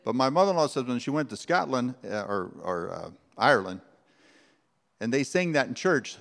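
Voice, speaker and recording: A man's voice: mid-range voice, big pitch swings, normal speed, gravelly, fairly bright tone. A man preaching a sermon, earnest and conversational, with rhetorical questions. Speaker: pastor. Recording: long hall reverb.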